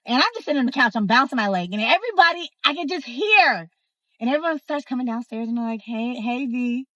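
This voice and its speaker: A young woman telling a personal story in a casual, sassy, animated way, speaking straight to her viewers. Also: high-pitched, no room sound, rough recording. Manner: animated, sassy, talks to the viewer, acts out others' voices. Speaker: storyteller host.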